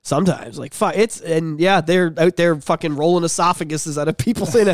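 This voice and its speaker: A man's voice: on the high side, fairly quick, no room sound, studio quality. A man co-hosting a podcast in casual chat, a profane storyteller who acts out the voices of people in his stories. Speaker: podcast co-host.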